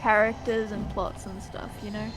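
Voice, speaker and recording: A woman chatting casually on a voice call, making quick offhand asides with a joking edge. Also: mid-range voice, level tone, music in the background, low-quality recording. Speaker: fan fiction writer on the call. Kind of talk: casual voice-chat banter.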